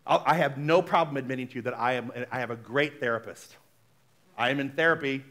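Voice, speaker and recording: A man giving a sermon as a minister, talking in a chatty, animated way and speaking straight to the congregation. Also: mid-range voice, brisk. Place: spiritual center service.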